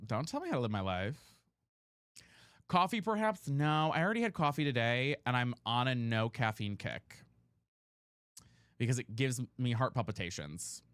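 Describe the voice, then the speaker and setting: A man hosting a livestream, chatting casually and playfully with viewers while sleepy, on a boom mic at his home setup. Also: sing-song, moderate pace, a bit bright, smooth, no room sound, clean studio sound. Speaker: livestream host. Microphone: boom mic on a mic arm.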